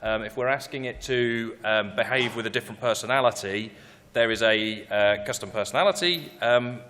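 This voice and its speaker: A man's voice: mid-range voice, normal speed, fairly bright tone, in a large hall, a little hiss or hum. A man giving a technical conference talk, explaining step by step with occasional fillers. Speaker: tech presenter.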